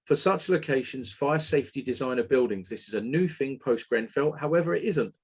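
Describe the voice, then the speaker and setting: Male webinar host, husky, opinionated, lively delivery. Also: medium pitch, fairly quick. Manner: animated, opinionated, occasional swearing. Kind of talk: casual technical webinar talk.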